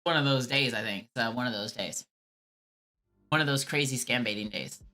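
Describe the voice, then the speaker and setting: Answering chat questions in a relaxed, rambling way, a woman streamer speaks in a bass voice at moderate pace, pushed and bright. She says her voice sounds whiny.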